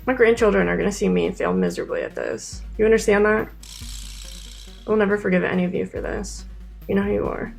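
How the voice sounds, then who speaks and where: A woman with a heavily gravelly voice complains with drama. Her pitch rises and falls widely, with faint music underneath. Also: lively intonation, quick pace, a little mellow. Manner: dramatic, exasperated. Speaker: reality competition contestant. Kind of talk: confessional and live challenge talk.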